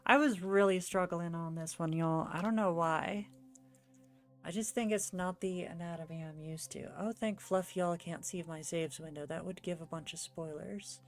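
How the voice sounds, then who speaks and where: A woman's voice: on the low side, fairly even intonation, moderate pace, faint music behind. A young woman streaming while she draws, telling a rambling story in casual chat full of "like" fillers. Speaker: art streamer.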